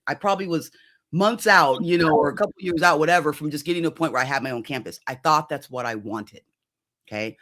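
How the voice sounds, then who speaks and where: Woman in her 50s, coach guest, bright forceful voice, chatty storytelling, lots of "right?". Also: low-pitched. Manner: lively, conversational, keeps checking in with "right?". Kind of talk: personal story in an interview.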